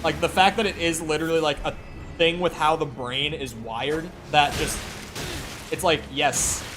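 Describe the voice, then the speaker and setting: A man chatting casually with viewers during a live gaming stream, rambling and swearing freely. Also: on the high side. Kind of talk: casual live-stream chat while playing.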